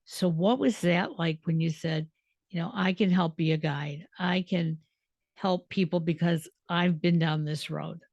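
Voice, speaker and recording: A woman's voice: on the low side, fairly even intonation, a little slow, a little mellow, dry recording, highs cut off. A woman hosting a podcast who asks her guest questions in a thoughtful way. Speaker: podcast host. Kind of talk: interview questions.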